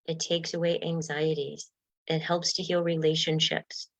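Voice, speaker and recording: A woman's voice: low-pitched, level tone, moderate pace. A woman giving an earnest, emotional self-help talk, laughing often and acting out inner voices. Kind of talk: motivational talk.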